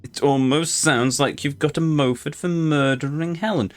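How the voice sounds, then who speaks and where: A man's voice: on the high side, a little slow. A man hosting a let's play, talking through the game in a playful, gushing way. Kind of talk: casual gameplay commentary.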